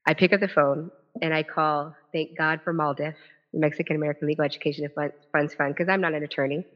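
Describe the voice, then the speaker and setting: Woman telling her story at a podium. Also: low voice. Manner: animated storytelling with quick restarts and quoted dialogue. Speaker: author and former legislator giving a talk. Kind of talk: personal storytelling speech to a live audience. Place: at a podium at a public event. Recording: dull lo-fi event recording.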